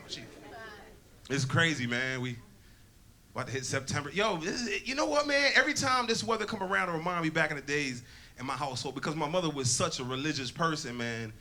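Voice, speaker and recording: On a comedy club stage, a stand-up comedian from Connecticut tells stories in loose, profane slang. His voice is fairly high, expressive and fast, and the live club crowd can be heard laughing.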